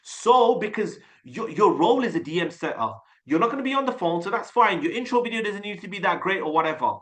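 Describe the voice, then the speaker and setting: A man in his forties from Birmingham with a Birmingham accent, Urdu as his first language, coaching a group on a video call in an energetic, chatty way and often restarting his words. He talks through a desktop webcam mic. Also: high voice, quick pace. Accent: Birmingham English. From Birmingham, England. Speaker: sales coach.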